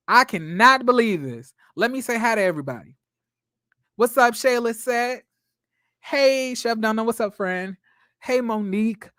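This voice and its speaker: A woman's voice: fairly high pitch, dry recording, studio quality. A woman in her twenties hosting a casual livestream, chatty and sassy, greeting viewers by name. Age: 20s. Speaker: livestream host.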